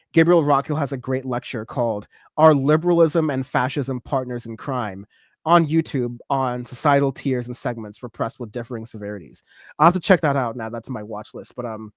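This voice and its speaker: A man with a medium-pitched voice hosts a political commentary livestream, rambling with lots of fillers and sarcastic asides. The audio is studio quality with no room sound.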